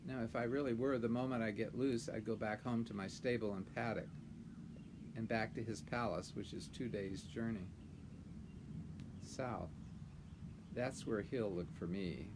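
Storybook warhorse, male, proud and scornful, gravelly, as a male reader puts him on. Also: on the low side, steady tone, unhurried, long pauses, background noise. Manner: lofty, scornful, then gently patient. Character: proud talking male warhorse, haughty but kindly.

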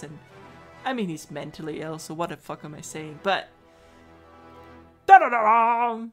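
A woman's voice: on the low side, unhurried, faint music behind. A woman commenting casually on a story game, with blunt swearing asides. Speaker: let's player.

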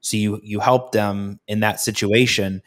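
A man's voice: on the low side, steady tone, a little slow, a bit bright. A man hosting a casual interview, affirming his guest and asking follow-up questions. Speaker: podcast host.

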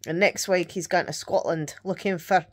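Woman, southern English accent, low-ish voice, casual vlog chat, rambling, filler words. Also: steady tone, normal speed. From England. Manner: chatty and rambling, full of ums and likes. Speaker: vlogger. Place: at home in the evening.

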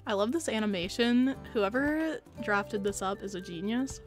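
A woman's voice: mid-range voice, animated, normal speed. A young woman streaming a video game, gushing and squealing with delight, with faint game music behind. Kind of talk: live gameplay stream chat.

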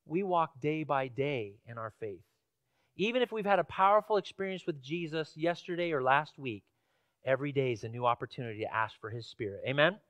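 A man's voice: a little high, lively intonation, a little fast, a bit bright, no echo, dull audio. A male pastor from Washington State preaching a sermon in a church, telling stories casually with fillers and building to emphatic questions. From Washington State, USA. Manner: conversational storytelling with fillers, rising to emphatic questions. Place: church sanctuary.

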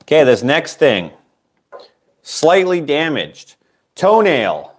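A man's voice: on the high side, sing-song, slow. A man casually auctioning his own handmade sculptures on a livestream, rambling and self-deprecating, trailing off with fillers.

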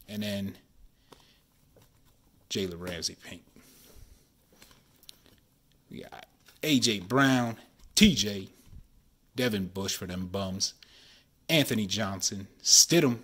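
A man, chatting excitedly while opening sports card packs at home and keeping his voice down. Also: fairly low pitch. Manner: excited, chatty, says y'all often; keeping voice down while kid sleeps. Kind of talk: casual card-opening vlog. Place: home, at night.

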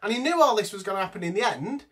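A man's voice: sits high, animated, very fast. A man giving an exasperated, profane rant reviewing a TV episode from his notes. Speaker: vlogger. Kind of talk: ranting TV review.

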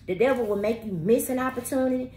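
Talking fast in a slightly high, warm voice, a woman reads tarot for her viewers in a spirited monologue. She's emphatic, blunt, slangy, and profane, with a roomy echo and faint background noise on the recording.

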